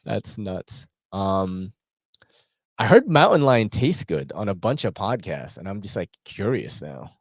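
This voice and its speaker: Casting note: New man, low-ish voice, loose slangy host, dry close mic. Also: big pitch swings, a little slow, dry recording. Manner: slangy, swears a lot, many fillers. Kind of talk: casual livestream chat.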